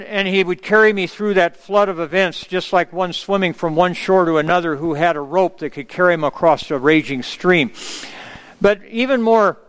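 A man's voice: high-pitched, fairly bright tone, clean tone. A middle-aged man preaching a sermon in an earnest way, often calling out to the congregation for an amen. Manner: earnest, asks the congregation for amens.

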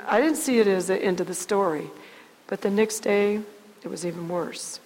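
Earnest woman in a reverberant hall. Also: mid-range voice. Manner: halting, repeats words, earnest storytelling. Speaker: guest sharing testimony. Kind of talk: personal faith testimony.

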